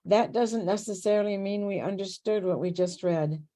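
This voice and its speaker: Woman running a tutor workshop on a video call, mellow voice, clear and steady. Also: mid-range voice, normal speed. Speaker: workshop presenter. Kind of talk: reading prepared training material.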